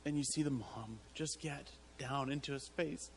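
A man preaching a sermon to his church, halting and repeating words as he tells a story, often breaking into laughter. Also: mid-range voice, creaky, slight background noise. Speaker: pastor.

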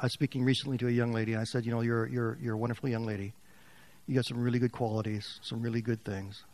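A man preaching a sermon as pastor, swinging from loud, raised passages to quiet, near-whispered lines. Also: mid-range voice, flat delivery, fast.

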